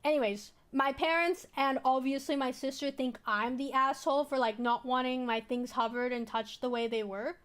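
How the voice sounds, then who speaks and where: A woman's voice: high-pitched, normal speed, few pauses, fairly bright tone. A young woman streamer telling a personal story in a rambling, casual way, full of fillers and restarts. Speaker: VTuber streamer.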